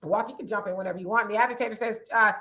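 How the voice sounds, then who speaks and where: A woman with a raspy voice co-hosting a casual livestream chat, reading viewer comments aloud and answering them in a conversational way. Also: mid-range voice, fairly even intonation, rapid-fire, pushed and bright. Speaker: livestream co-host.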